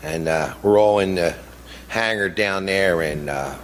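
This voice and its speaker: A middle-aged man speaks in a low, unhurried voice, delivering an impassioned public speech as a grieving father. He is blunt and emotional, leaning on rhetorical questions. The recording has long hall reverb and a little hiss or hum.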